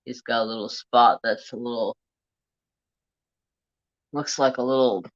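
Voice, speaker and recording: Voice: medium pitch, steady tone, unhurried, no room sound. Rambling casual live-stream host, chatty crafter, dull lo-fi stream audio, dry close sound. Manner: rambling, loose and chatty, talks to viewers and a pet.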